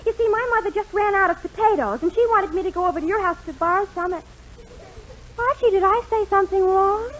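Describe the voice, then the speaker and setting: A woman's voice: very high-pitched, fast talker, a bit bright, slight background noise. An actress playing a chatty, sweet teenage girl who gushes and talks over others, in 1940s radio comedy acting. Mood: gushing. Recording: dull 1940s radio broadcast.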